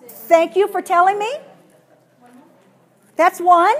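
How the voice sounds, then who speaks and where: A woman with a high voice leads a hands-on workshop for teachers. She talks in an animated way and slips into playful voices to show how children answer. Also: unhurried, long pauses. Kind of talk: classroom workshop talk.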